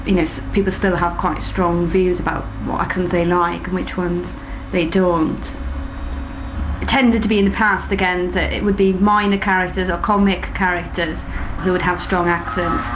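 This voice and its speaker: Woman lecturer, flat steady voice, lowish, noise behind. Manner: measured, explanatory. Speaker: communication lecturer. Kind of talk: expert interview. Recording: noisy background.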